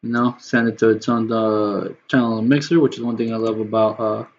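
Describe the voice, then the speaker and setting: A man with a lowish voice and fairly even intonation talks fairly quickly to his chat during a music production livestream. His casual talk is rambling and a bit profane, and the lo-fi audio sounds slightly dull with faint noise.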